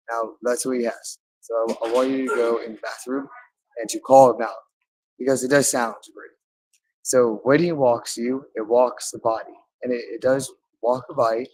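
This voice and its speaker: A man's voice: medium pitch, rough recording. A man talking in a rambling monologue, swearing often and repeating phrases over and over. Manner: repetitive, loops phrases over and over; profane, with frequent swearing.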